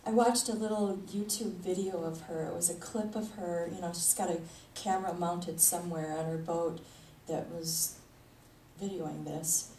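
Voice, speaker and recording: Warm-voiced woman preaching in an echoey hall. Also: lowish voice, steady tone, moderate pace. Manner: conversational, chuckling often. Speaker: spiritual leader. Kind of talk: sermon. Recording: echoey hall, mic at a distance, faint noise.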